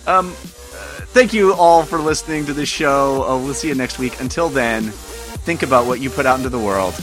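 Over a remote Skype call with glitchy, robotic audio, a man hosts his podcast in a medium-pitched, slightly bright voice at normal speed. Soft music plays behind his casual chatter, which is sprinkled with laughter and fillers.

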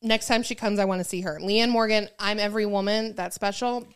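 Podcast lady reading out an advice letter, smooth clear voice, chatty. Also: medium pitch, fairly even intonation, fairly quick. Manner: chatty, reads letters aloud with asides. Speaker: podcast co-host. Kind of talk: casual chat, reading a listener letter.

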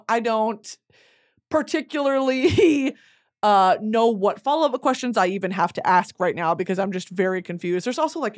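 A young woman hosting a podcast, mid-pitched and conversational. She drifts off on tangents, swears casually and keeps the talk loose and chatty. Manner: rambling, tangent-prone, swears freely. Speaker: podcast host.

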